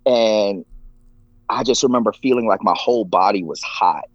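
Here a man on the low side of the pitch range talks at a normal speed, recounting something personal as a guest on a podcast. Earnest and emotional, he acts out the voices of people he quotes. The sound is dry, dull and lo-fi, with no room tone.

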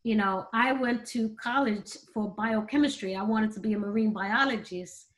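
A woman's voice: fairly high pitch, normal speed, poor audio. A middle-aged woman, a performer, telling emotional personal stories in a candid, conversational interview. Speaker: guest, performer.

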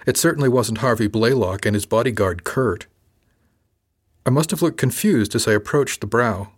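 A man reading a novel aloud in first person with a measured, dry delivery. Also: mid-range voice. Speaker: audiobook narrator.

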